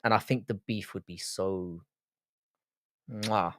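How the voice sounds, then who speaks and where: A man's voice: deep voice, normal speed, a bit bright, no echo, studio quality. A man with an English accent, raised in Britain with Irish roots, hosting a casual livestream, blunt and sweary as he reads out and answers comments. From Ireland, raised in Britain. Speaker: livestream host.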